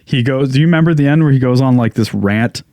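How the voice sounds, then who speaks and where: A man's voice: mid-range voice, quick pace, dark tone, no room sound, clean studio sound. A young man with a stuffed-up nose, co-hosting a podcast and chatting enthusiastically. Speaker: podcast co-host. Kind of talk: casual chat. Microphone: studio podcast mic.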